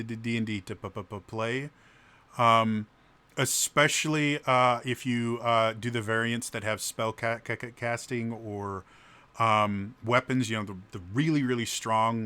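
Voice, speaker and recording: Casual game master, man, bright tone, heavy stutter on repeated sounds. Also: mid-range voice, smooth. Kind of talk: casual answers to a video questionnaire.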